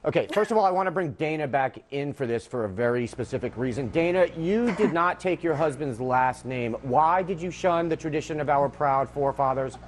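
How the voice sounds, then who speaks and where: A man's voice: on the high side, animated, brisk, few pauses. Sarcastic man hosting a late-night panel. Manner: sarcastic, jokey. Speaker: talk show host. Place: television studio.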